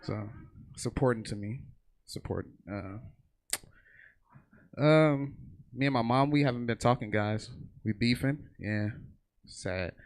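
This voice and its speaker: A man works through a profane stand-up routine in a theater, spinning stories and slipping into quick impressions of other people. He speaks at a measured pace with a medium pitch, leaving long pauses.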